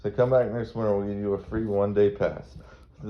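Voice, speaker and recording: A man's voice: lowish voice, steady tone, fast. A man from Maryland telling a rambling, crude stand-up story. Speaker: comedian. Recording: dull lo-fi recording with faint noise.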